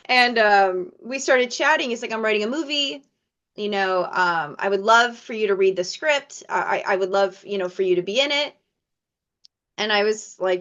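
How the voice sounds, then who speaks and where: A woman actress from Michigan chatting in an interview, telling lively stories and acting out the lines of other people. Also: fairly high pitch, moderate pace. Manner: animated storyteller, acts out quoted dialogue. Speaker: actress guest. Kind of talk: casual interview chat. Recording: muffled lo-fi audio.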